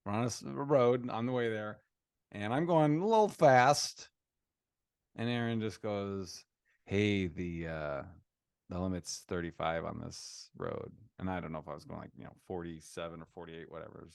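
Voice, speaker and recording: A man's voice: fairly low pitch, a little fast, creaky, no room sound, studio quality. A man in his thirties co-hosting a podcast, telling a family story in casual chat and acting out the quoted voices. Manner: animated storyteller, acts out quotes in raised voices. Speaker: podcast co-host.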